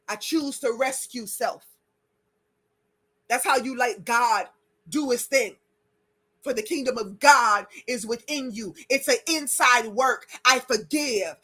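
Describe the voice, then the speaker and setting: A woman with a bright, tense voice guides listeners through deep breaths and release. She preaches with fervor and repeats short phrases like a chant. Her delivery builds again and again toward near-shouts. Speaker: podcast host. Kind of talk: impassioned spiritual guidance.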